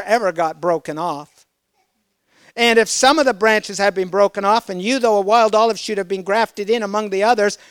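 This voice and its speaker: A man delivers a sermon in a high, smooth, resonant voice, recorded close and dry. He reads scripture aloud, quizzes his listeners and pushes key points with emphatic force. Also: dry recording. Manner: emphatic, rising to loud exclamations; asks the congregation questions. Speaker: preacher.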